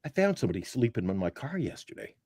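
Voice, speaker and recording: A man co-hosting a casual sports talk show, telling stories in an animated, sarcastic way. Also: fast, slightly rough, no room sound. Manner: animated, sarcastic storytelling with big swings of pitch. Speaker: podcast co-host.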